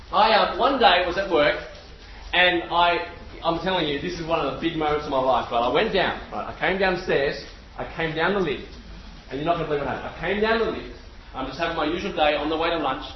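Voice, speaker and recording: An Australian man in his forties delivers a sermon in a fairly high voice. He tells stories with bursts of excitement and swings between hushed prayer and lively talk. The sound is echoey and a little dull, as if picked up in a big room. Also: far from the mic, slight background noise. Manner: excitable, animated storyteller. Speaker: preacher. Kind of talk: sermon with storytelling. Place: room with a live audience.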